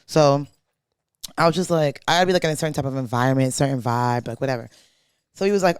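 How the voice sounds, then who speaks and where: Young woman podcast host telling a story super fast, cussing and slang everywhere, dry studio sound. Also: low-pitched, smooth, no echo. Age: young adult. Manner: slangy, profane, animated storyteller acting out quotes. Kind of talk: casual storytelling chat.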